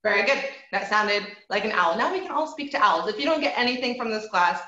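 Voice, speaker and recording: A woman's voice: medium pitch, animated, fast, heavy background noise. A woman teaching an online group voice lesson, encouraging her students and demonstrating sounds as she explains. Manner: encouraging, demonstrative, models owl hoots and bird sounds. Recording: echoey, dull lo-fi call audio.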